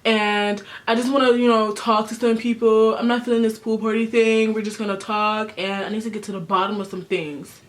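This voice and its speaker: A woman's voice: a little high, fairly even intonation, fairly quick, few pauses, close to an everyday voice. A woman impersonating an earnest, hesitant young bachelor who can't decide.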